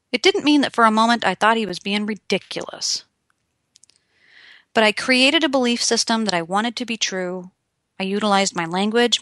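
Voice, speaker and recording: A young adult woman talks straight to the listener in a lively, emphatic motivational style. Her voice is bright and forward, and the recording is dry and close. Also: mid-range voice, no room sound. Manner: emphatic, animated, addresses the listener directly. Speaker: motivational speaker. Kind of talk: direct-to-camera motivational talk.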